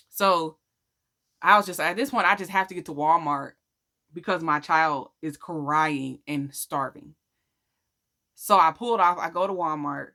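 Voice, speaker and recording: Bright-voiced woman telling a story. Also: deep voice, moderate pace. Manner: chatty, slangy, acts out quotes. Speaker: vlogger sharing a faith testimony. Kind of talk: casual storytelling.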